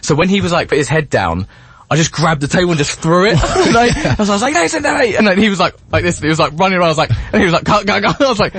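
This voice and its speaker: A man hosting a radio chat, talking in an animated, rambling way and laughing a lot. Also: high voice, rapid-fire, slightly rough, dry recording. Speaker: radio presenter. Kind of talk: casual interview chat. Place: radio studio.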